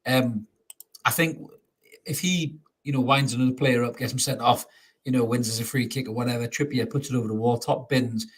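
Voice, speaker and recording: A man's voice: mid-range voice, fairly even intonation, brisk. A man co-hosting a football fan show, reading out viewer comments in a casual, jokey way and laughing often. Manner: jokey, laughs often, calls his co-host mate.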